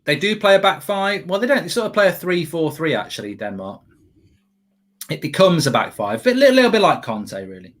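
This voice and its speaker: An English man with a slightly high voice co-hosts a live football watchalong. His pitch swings widely as he rants and swears casually between match updates. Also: brisk. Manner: animated, ranting, swears casually.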